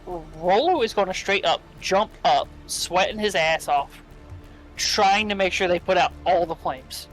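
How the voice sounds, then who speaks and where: A player in a tabletop game talks through a character's dreams and actions in a mid-range voice. The delivery is casual and halting, full of searching pauses. Quiet music plays behind. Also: medium pitch, poor audio.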